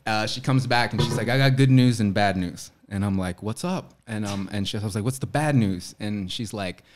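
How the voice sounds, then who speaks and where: Low-voiced man telling animated stories. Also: normal speed, slight background noise. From Florida, USA. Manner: animated storyteller who acts out dialogue, often laughing. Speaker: podcast guest, actor. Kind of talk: casual podcast storytelling.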